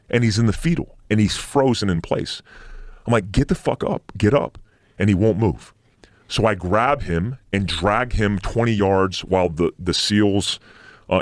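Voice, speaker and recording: Low-voiced blunt man telling war stories. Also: no echo, clean studio sound. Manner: blunt and profane, with sound-effect noises. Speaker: podcast guest, military veteran. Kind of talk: casual war storytelling. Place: podcast studio.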